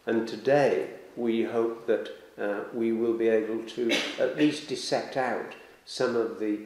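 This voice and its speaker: A man's voice: mid-range voice, steady tone, a little slow, a little mellow. A man giving an earnest, formal opening speech at a conference, stressing words with repetition. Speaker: conference speaker, federation president. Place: large lecture hall. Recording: echoey hall, faint noise.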